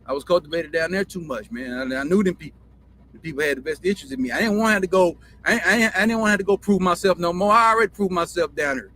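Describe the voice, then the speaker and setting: A show host with a Southern US country drawl tells stories in a bright, forceful voice pitched a little higher than most men's, talking at a quick pace. His casual monologue rambles, swears freely and circles back over the same phrases, with a faint hiss of noise beneath it.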